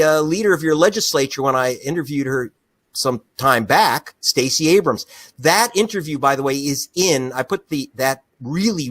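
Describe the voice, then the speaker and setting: Animated, indignant man being interviewed. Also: fairly high pitch. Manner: passionate, indignant, laughs often. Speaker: investigative journalist, guest.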